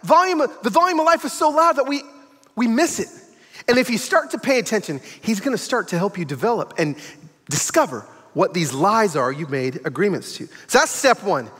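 Lively, high-voiced male preacher. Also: fairly quick, long reverb tail. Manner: animated storytelling with acted quotes. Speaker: guest preacher. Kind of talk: sermon. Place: large church sanctuary.

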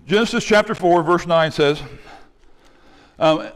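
Male pastor, high voice, energetic sermon with congregation call-outs, reverberant church hall. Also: slow, pauses often. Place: church sanctuary.

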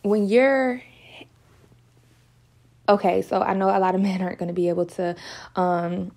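A woman's voice: fairly low pitch, level tone, quick pace, vocal fry, warm tone. A woman in her own talk giving earnest, emotional spiritual encouragement. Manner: earnest, repetitive, emotional, sometimes near tears. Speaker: online Christian speaker.

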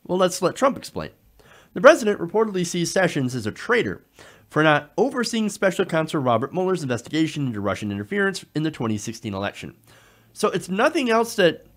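A man hosting a political commentary show, talking to camera in an animated, indignant way with many fillers and restarts. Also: a little high.

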